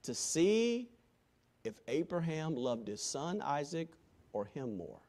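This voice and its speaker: A male preacher giving a sermon, quoting scripture in old-fashioned wording and swinging from shouted appeals to hushed, quiet lines. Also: fairly high pitch, very animated, slow pace. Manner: impassioned, swinging from loud shouting to hushed tones.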